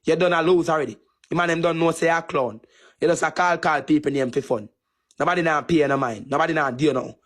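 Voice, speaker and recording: A man's voice: on the high side, quick pace, fairly bright tone. A man with a Jamaican Patois accent delivering a repetitive, taunting insult rant on a live stream. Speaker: TikTok streamer.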